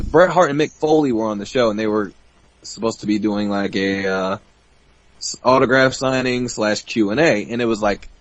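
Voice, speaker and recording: A man in his twenties, a wrestler guest, telling a backstage story in a profane, animated way. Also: dry recording. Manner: profane, animated, bursts into high-pitched mimicry. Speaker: interview guest, pro wrestler. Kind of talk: casual storytelling. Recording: dull, dry podcast audio.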